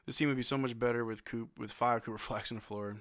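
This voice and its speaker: A young man hosts a casual live watch-along, calling the plays as a fan in a quick, steady, medium-pitched voice with a fairly bright tone. His laid-back asides sound resigned, and he swears and then apologizes.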